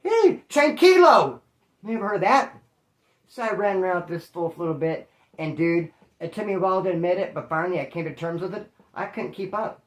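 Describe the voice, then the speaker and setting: A man hosting his channel, telling a street story in a casual, slangy, animated way. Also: high-pitched, fast, slight background noise. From Bakersfield, California. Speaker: storyteller host. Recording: roomy echo.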